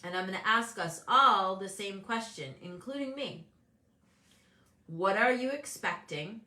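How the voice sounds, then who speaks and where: Unhurried, with a mid-range voice that's pushed and bright, the host and business coach talks candidly on her casual motivational show. She animatedly acts out quoted people's voices, and the sound is roomy.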